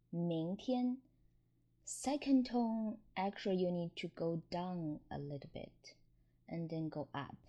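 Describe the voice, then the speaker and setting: A woman with a Mandarin Chinese accent teaches pronunciation at a very slow, deliberate pace. Her voice is mellow and soft-edged. She repeats each word again and again in patient drills. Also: lowish voice.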